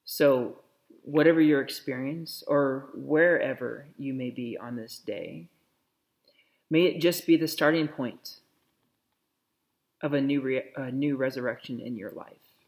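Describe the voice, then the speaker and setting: A man preaching a sermon in a slow, reflective way, softly repeating a blessing. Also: mid-range voice. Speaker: pastor.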